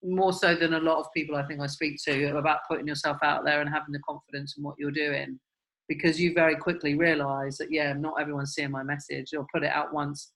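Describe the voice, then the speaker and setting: A woman's voice: low voice, level tone, brisk, fairly bright tone. A woman hosting a podcast over a video call, talking in an encouraging, chatty and rambling way. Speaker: podcast host. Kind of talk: casual video-call chat.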